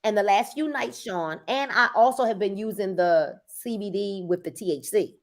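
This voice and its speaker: A woman sales coach in casual motivational talk, emphatic and repeating phrases for effect, sometimes breaking into loud urging. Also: mid-range voice, normal speed. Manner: bursts into loud urging at times.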